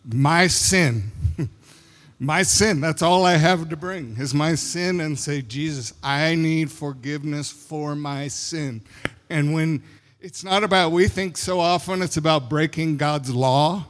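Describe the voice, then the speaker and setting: A man's voice: on the high side, measured pace, a bit bright. Male pastor preaching in a reverberant hall. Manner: storytelling with acted quotes, laughs at his own stories. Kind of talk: sermon.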